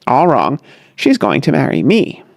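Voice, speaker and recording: Brief: narrator's voice for a cheerful, smooth-talking young man, lively pitch, dry close read. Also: a little slow, no room sound, heavily acted. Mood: breezy, smooth. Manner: smooth, airy flourishes. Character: breezy, glib young man eager to please.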